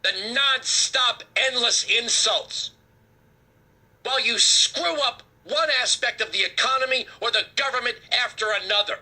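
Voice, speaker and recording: A man hosting a political talk show, delivering a heated, sarcastic commentary rant with a husky edge. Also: extremely high pitch, bright, forceful tone.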